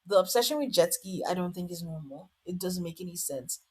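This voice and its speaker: A woman's voice: on the low side, expressive, fairly quick, a little mellow, breathy edge. A woman hosting a podcast, giving a casual, amused recap full of "like". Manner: chatty, amused, lots of "like". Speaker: podcast host. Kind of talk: casual reality-show recap.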